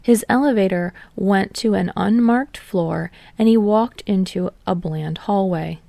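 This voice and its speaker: Woman narrating with a gravelly tone. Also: mid-range voice, unhurried, mellow, dry recording. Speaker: podfic reader. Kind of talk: fan audiobook narration.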